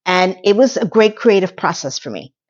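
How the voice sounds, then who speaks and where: A woman's voice: lowish voice, animated, normal speed, a little mellow, highs cut off. A woman vlogger talking candidly and emotionally to her viewers, sometimes close to tears. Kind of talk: personal vlog talk.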